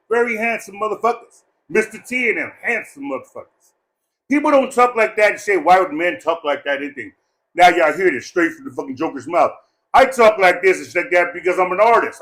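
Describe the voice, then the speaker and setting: Rowdy, profane man giving a eulogy. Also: fairly high pitch. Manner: profane, loud and jokey, breaks into laughter. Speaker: speaker at a memorial gathering. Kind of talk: rambling, joking eulogy speech.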